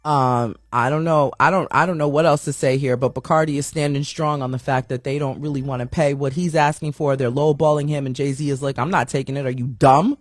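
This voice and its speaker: A woman's voice: deep voice, fairly even intonation, fairly quick, few pauses, no room sound, studio quality. A woman hosting a podcast, casually running through celebrity news headlines in a chatty, slangy, self-mocking way, sometimes tripping over her words. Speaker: podcast host.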